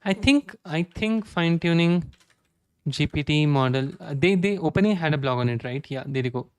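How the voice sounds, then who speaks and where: A man's voice: a little high, animated, normal speed, clean tone, no echo. Indian man thinking aloud while coding. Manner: reads docs aloud, frequent "okay" fillers. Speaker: live-coding streamer.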